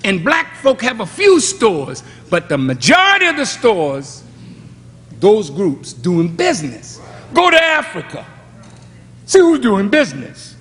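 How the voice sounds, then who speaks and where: An older man preaches a fired-up sermon in a high, swooping voice that leaps up to shouts and then falls to a near murmur. He takes his time over each phrase, and a long reverb from a large hall trails after his words. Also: huge pitch swings, a little slow. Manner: preaching with shouted peaks and sudden drops. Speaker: minister. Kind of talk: fiery sermon.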